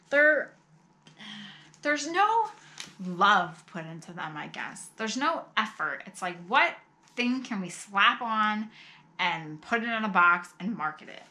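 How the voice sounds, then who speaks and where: A middle-aged woman chatting casually as she opens fan mail at home, gushing and exclaiming, with soft sighs and laughs. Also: mid-range voice, very animated, unhurried. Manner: often sighs and laughs softly. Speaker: vlogger opening fan mail. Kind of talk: casual chat.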